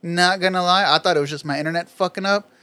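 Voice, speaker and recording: A man's voice: high voice, fairly even intonation, fast, pushed and bright, clear, resonant tone, dry recording. Profane, rambling man in casual chat. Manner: loose, profane, rambling storytelling. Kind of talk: casual chat among friends.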